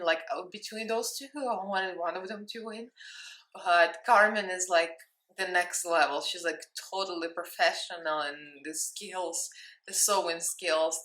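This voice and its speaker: A woman's voice: medium pitch, a bit bright, reverberant. A woman in her thirties with a Russian accent, chatting playfully and giggling as she hosts her own makeup tutorial. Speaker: makeup vlogger. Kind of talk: casual makeup tutorial chat.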